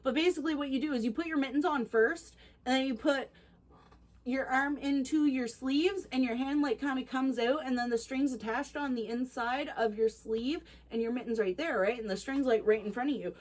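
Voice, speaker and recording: Chatty woman, bright voice. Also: high voice. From Canada. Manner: chatty and excitable, quick to laugh. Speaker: reaction channel host. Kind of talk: casual reaction vlog chat.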